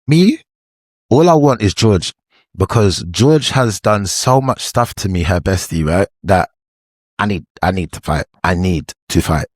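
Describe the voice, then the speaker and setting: A young man, a former reality show cast member, telling a slang-heavy story in an animated, repetitive way. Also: deep voice, unhurried, slightly rough, no echo, clean studio sound. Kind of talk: storytime vlog.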